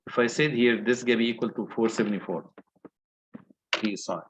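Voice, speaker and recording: A man's voice: medium pitch, steady tone, brisk, background noise. A male engineering lecturer walking through calculations step by step and asking the class questions. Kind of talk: recorded lecture walkthrough.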